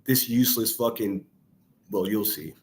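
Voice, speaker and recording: A man's voice: lowish voice, normal speed, a little hiss or hum. A man ranting angrily over clips he plays, swearing heavily and hurling insults as a commentary youtuber. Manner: angry, profane, shouting insults.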